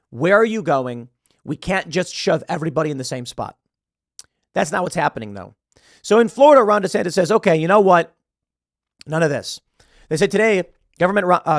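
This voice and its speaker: A man delivers political commentary, reading news items aloud and breaking off into emphatic, scornful asides. His voice sits a little high for a man. The sound is close and dry. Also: no room sound. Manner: emphatic, scornful, stumbles over words.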